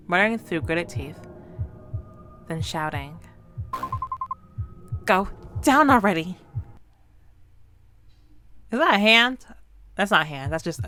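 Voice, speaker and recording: A woman's voice: sits low, fairly bright tone. A woman streaming a horror game, reading its narration and dialogue aloud and breaking off to react.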